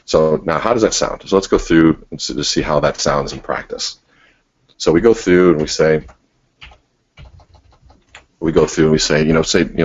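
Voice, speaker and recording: A man presenting a sales training webinar, coaching listeners and acting out sample conversations with lively voice inflection. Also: rumbling low, normal speed, long pauses, husky, no echo, dull audio. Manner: coaching, acts out sample dialogues with strong inflection.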